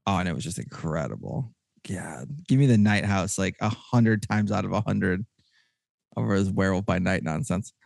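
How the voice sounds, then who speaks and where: A man hosting a casual podcast chat with a Texan accent, rambling and excitable, with many restarts. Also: sits low, moderate pace, creaky, no echo, clean studio sound. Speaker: podcast host.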